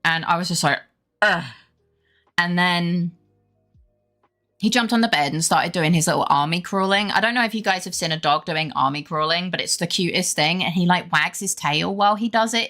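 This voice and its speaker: A young woman streamer with a lowish, gravelly voice chats to her viewers in a rambling, gushing way. Soft music plays faintly under her talk, picked up by her desk mic. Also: fairly quick. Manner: chatty, rambling, gushing about her dog; baby-talk voice toward her dog. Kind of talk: casual chat with live chat.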